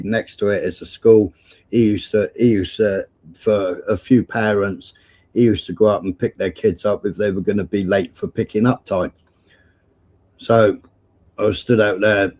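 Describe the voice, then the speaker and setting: A man's voice: on the low side, dark tone. A man hosting a livestream, telling rambling, profane stories and repeating himself often. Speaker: livestream host. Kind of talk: casual chat and storytelling.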